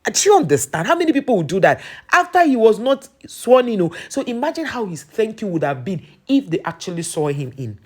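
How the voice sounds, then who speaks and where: A young woman with a Nigerian accent tells a political story in casual, animated commentary full of restarts. Her voice is medium-pitched and her pace fairly quick.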